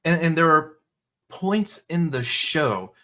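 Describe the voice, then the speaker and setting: A man's voice: fairly high pitch, animated, slow pace, sharp tone. A man hosting a commentary vlog, ranting in an indignant, mocking tone and swearing freely. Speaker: video commentator.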